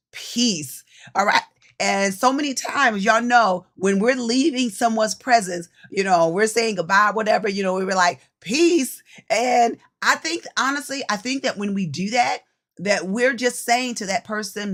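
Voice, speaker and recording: A woman coach giving a casual devotional teaching, chatty and lively, often repeating phrases for emphasis and speaking straight to her listeners. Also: mid-range voice. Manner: chatty, addresses listeners directly. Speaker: women's ministry coach.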